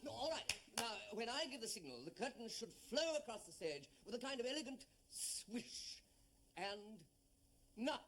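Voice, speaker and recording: An actor playing a stern, pompous older butler in a period television drama. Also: male voice, very high-pitched, sing-song, normal speed, a bit bright, soft background music, exaggerated voice. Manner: pompous, scolding.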